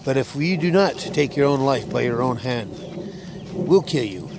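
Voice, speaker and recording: A man's voice: mid-range voice, animated, normal speed, background noise, natural voice. Stern jungle chief, as a man puts him on. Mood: solemn. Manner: formal, pronouncing judgment. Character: stern male jungle tribe chief, solemn and grand.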